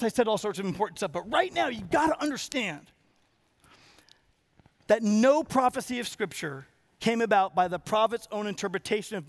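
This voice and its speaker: High-voiced preacher man, animated delivery. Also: dry recording. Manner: animated, acts out quotes in varied voices. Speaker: pastor. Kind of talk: sermon.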